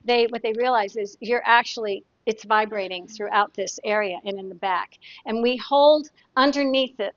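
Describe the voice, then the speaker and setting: A woman's voice: fairly high pitch, moderate pace, hardly any pauses, dry recording. A woman therapist talking in a chatty, casual teaching way, demonstrating exercises and telling anecdotes. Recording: dull, dry lo-fi sound.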